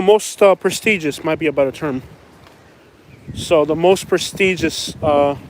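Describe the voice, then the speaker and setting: A man's voice: a little high, slight background noise. Rambling Florida man on a night walk. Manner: rambling, laughs often, chatty. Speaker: vlogger live streaming. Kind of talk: casual night-walk live stream chat. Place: outdoors at night in a small town.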